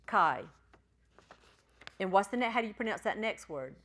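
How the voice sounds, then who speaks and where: A woman teaching a church class, patiently spelling out letters and sounding out syllables slowly. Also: medium pitch, expressive. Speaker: Bible Greek teacher.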